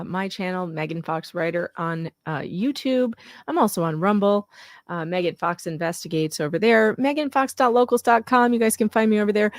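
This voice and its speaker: A woman commentator on a casual livestream, blunt and animated, laughing often. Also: mid-range voice, no room sound, studio quality. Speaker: YouTube commentator.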